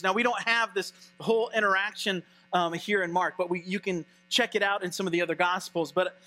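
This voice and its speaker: A male pastor preaching a sermon in an animated, conversational way. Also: high voice, brisk, few pauses, soft background music.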